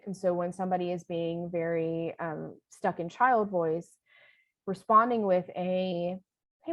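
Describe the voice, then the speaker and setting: A woman's voice: on the low side, creaky, no echo, dull audio. Woman trainer chatting thru a lesson, keeps saying right, dry close sound. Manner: conversational, often asks "right?". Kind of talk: online training lecture.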